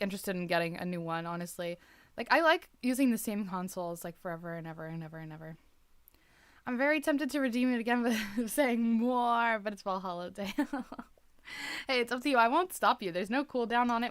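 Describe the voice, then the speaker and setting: Her mid-range voice is a bit bright, clear, and resonant, with no echo. A young woman chatting casually on a live stream, she rambles, fills her speech with "like," and frequently starts her sentences over.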